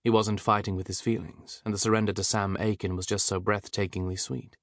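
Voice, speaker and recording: A man reads an audiobook in a steady, measured storytelling style. His voice is fairly low, and the recording is dry and studio-clean.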